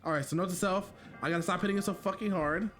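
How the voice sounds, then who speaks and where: A man streaming a game live, talking to his chat in a jokey, excitable way and repeating himself when flustered. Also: high-pitched, fast talker, soft background music. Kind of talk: live gameplay commentary.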